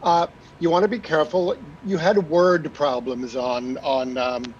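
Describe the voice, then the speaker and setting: Barely pausing, a man with a slightly high, somewhat mellow voice coaches an opera singer following her aria, at a moderate pace. Serving on a master class panel, he's chatty and filler-heavy, singing short phrases as examples; the dull lo-fi audio has a little hiss or hum.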